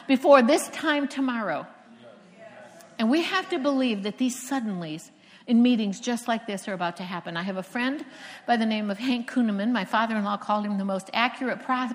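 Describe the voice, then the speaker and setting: A woman from Florida preaching a sermon, telling stories with emphatic pauses. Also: on the high side, a bit bright. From Florida, USA. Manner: storytelling, emphatic with dramatic pauses. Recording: long hall reverb.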